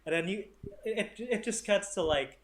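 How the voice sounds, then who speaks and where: A young man talks through a movie review in a loose, rambling way, swearing freely and stumbling over restarts. His voice sits a little high for a man. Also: normal speed. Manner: rambling, profane, sarcastic, lots of fillers and restarts. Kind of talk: casual spoken review.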